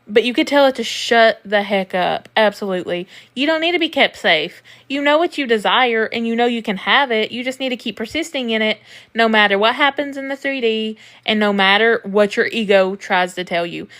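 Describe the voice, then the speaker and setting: Chatty manifestation coach woman, higher voice. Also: expressive, normal speed, fairly bright tone. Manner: chatty, reassuring, swears casually. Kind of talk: casual live-stream coaching chat.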